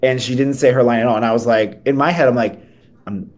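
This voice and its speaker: A man's voice: medium pitch, fairly even intonation, quick pace, darkish tone. A young man co-hosting a podcast in casual chat, rambling with many fillers and restarts. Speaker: podcast co-host.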